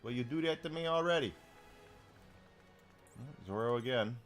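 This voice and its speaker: A man's voice: mid-range voice, normal speed, faint music behind. A man streaming a video game, chatting casually with viewers and commenting on what he finds. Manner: chatty, talks to chat readers between game remarks.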